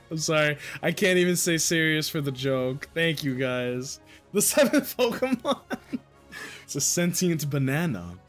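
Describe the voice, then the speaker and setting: Joking, excitable male streamer. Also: a little high, unhurried, soft background music. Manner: joking, excitable, laughs often, swears, talks to chat. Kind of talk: live gameplay commentary.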